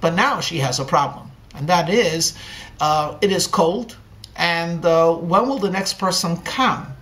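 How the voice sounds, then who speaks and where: A man, a rabbi, telling a story in a sermon at a slow, deliberate pace with many pauses. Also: fairly high pitch, sharp tone.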